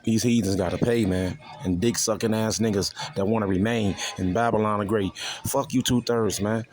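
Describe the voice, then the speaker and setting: A man's voice: on the low side, steady tone, normal speed, a little mellow, faint music behind. A man preaching scripture in a crude, profane way, constantly repeating "you see" to his listeners. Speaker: street preacher.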